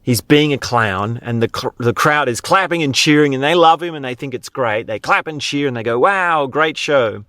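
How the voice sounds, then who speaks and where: A man's voice: mid-range voice, a little fast, few pauses, a bit bright, no room sound. Chatty Australian man, dry close sound. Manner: conversational, frequent "right?" tag questions. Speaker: podcast host. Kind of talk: casual podcast monologue.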